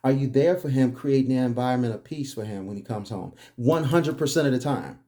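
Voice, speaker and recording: A man's voice: medium pitch, fairly quick, mellow. A man delivering a preachy monologue, firing off emphatic, repetitive rhetorical questions. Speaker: commentary host.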